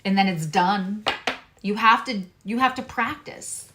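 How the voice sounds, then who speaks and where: A woman's voice: mid-range voice, measured pace, noisy background. A woman from Long Island giving a casual astrology and tarot reading, emphatic and repeating her key points. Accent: neutral American, former Long Island accent dropped. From Long Island, New York. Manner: emphatic, repeats key phrases, chatty asides.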